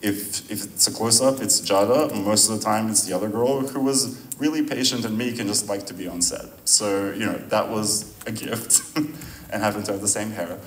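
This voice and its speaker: Filmmaker at a post-screening Q&A: man, very low voice, relaxed and rambling, caught roomy and a bit distant. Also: normal speed. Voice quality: relaxed, rambling, laughs often. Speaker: filmmaker answering audience questions. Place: venue hall at a screening. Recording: roomy sound from a distant mic, faint noise.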